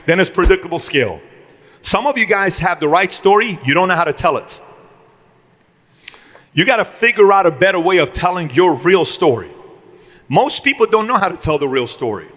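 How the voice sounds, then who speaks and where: This business speaker has a sharp, high-pitched voice and delivers an emphatic motivational talk to a live audience. He puts questions to the room and acts out conversations.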